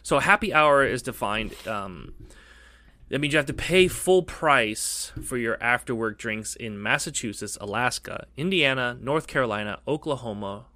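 A man's voice: mid-range voice, animated, normal speed, pushed and bright, dry recording. A young man from Florida co-hosting a podcast, joking along in casual banter and reading out facts. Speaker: podcast co-host. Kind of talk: casual chat.

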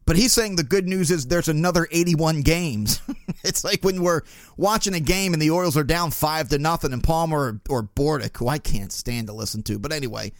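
A man's voice: a little high, no echo, studio quality. A young man hosting a casual sports talk podcast, rambling in a sarcastic, exasperated way. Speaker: podcast host.

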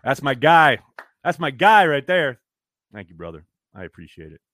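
A man's voice: medium pitch, sing-song, normal speed, fairly bright tone. A man hosting a podcast, reading out fan comments and answering them in a frank, downbeat, exasperated way, swearing freely. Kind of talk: casual live-stream chat.

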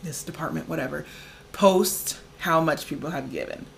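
A woman's voice: sits low, moderate pace, vocal fry, slight background noise. A woman co-hosting a podcast in casual chat, talking loosely with lots of fillers and easy laughs. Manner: chatty, many "like" fillers, laughs easily. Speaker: podcast co-host.

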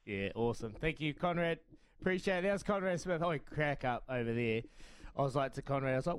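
A man's voice: medium pitch, fast talker, clear, resonant tone. A man hosting a casual sports chat, joking and laughing easily. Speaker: host.

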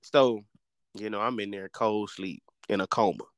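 A man's voice: on the low side, moderate pace, no echo, clean studio sound. A man co-hosting a podcast, telling stories in casual slangy chat and acting out the quotes with lots of energy. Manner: animated, slangy storyteller who acts out quotes. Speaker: podcast co-host.

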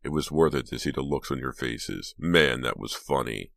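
A man's voice: extremely low pitch, animated, moderate pace, vocal fry, fairly bright tone, no echo, full character voice. Chuck, a cocky young prankster voiced by a man. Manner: cocky and brash. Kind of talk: audiobook character voice.

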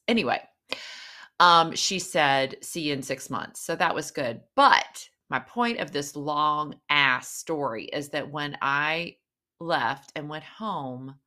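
A woman's voice: low-pitched, animated, takes it slowly, sharp tone. A middle-aged woman, chatting casually and candidly to camera, rambling and poking fun at herself. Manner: rambling, candid, self-mocking storyteller. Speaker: vlogger. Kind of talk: casual chat.

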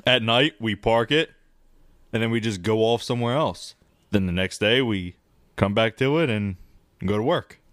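A man in casual podcast chat, rambling and swearing as he tells an animated story about dreams. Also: fairly low pitch, moderate pace, no echo, clean studio sound. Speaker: podcast co-host.

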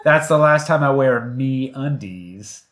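A man's voice: mid-range voice, lively intonation, takes it slowly, crowd noise. A man co-hosting a podcast in casual chat, joking and sarcastic. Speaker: podcast co-host.

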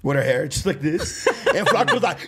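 A man co-hosting a casual group podcast, telling animated stories and laughing as he talks. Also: a little high, fairly quick, noisy background. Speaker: podcast co-host.

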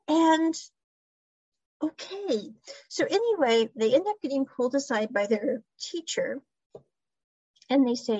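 A woman's voice: sits high, expressive, moderate pace, pauses often, a little mellow, no echo. A woman giving a casual, rambling recap of a TV series, stringing events together with loose asides. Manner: rambling retelling with "so anyway" asides. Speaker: series reviewer. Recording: dull lo-fi recording.

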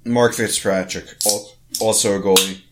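Man, deep voice, podcast co-host, rambling casual talk, swearing. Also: fairly even intonation, moderate pace, noisy background. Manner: rambling, swears, reads names off a list. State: has the hiccups. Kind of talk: casual sports podcast chat.

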